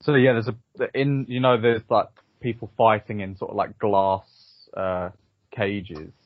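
A podcast host chats casually about films, hesitating often with lots of ums and restarts. His voice is fairly low, flat, and a little slow, captured in a dull, slightly lo-fi, dry recording.

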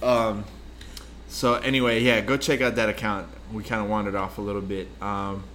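A man's voice: lowish voice, level tone, normal speed, a bit bright, slight background noise. A man co-hosting a podcast in casual chat, rambling through stories and swearing freely. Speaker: podcast co-host.

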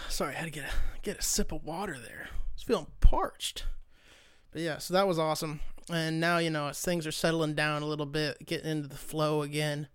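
A man's voice: fairly high pitch, steady tone, brisk, fairly bright tone, clean tone. A young man hosting his own podcast, talking loosely and sarcastically, with plenty of swearing. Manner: loose, profane, sarcastic ranting. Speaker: podcast host. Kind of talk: casual solo podcast chat.

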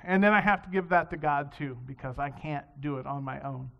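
His voice on the high side with some vocal fry, this pastor speaks briskly, telling stories conversationally as he preaches. The sound quality is dull and lo-fi.

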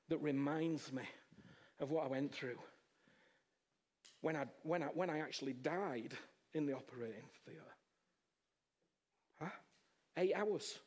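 A man delivering a sermon in a notably high voice. He preaches with passion and keeps pressing the congregation with questions. His delivery swings between hushed near-whispers and loud exclaiming. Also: slightly rough. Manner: impassioned, with repeated rhetorical questions to the audience.

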